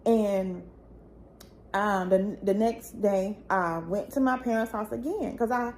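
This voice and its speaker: A young woman tells her own painful story straight to the camera. Her voice is raw and tearful, and it climbs into pleading when she gets upset. Her pitch is average, with faint background noise behind her. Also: slow, darkish tone. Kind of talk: emotional personal storytelling.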